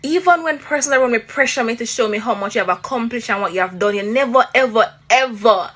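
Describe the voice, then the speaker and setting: Bright-voiced Jamaican young woman. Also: a little high, quick pace. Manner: affectionate, playful. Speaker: younger sister. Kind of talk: casual personal message.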